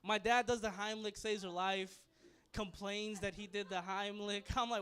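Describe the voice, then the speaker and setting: A man's voice: high-pitched, level tone, moderate pace, fairly bright tone, slight background noise. A young man doing a stand-up comedy set, loose and crude, rambling and laughing at his own jokes. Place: comedy club stage.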